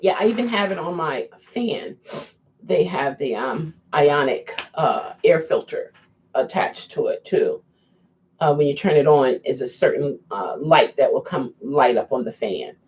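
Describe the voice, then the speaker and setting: A woman's voice: sits low, expressive, darkish tone, lo-fi sound. A woman vlogger chatting casually to her viewers, breaking into frequent fits of giggling laughter. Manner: laughs often, giggling fits, slow and drawn-out. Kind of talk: casual chat to camera.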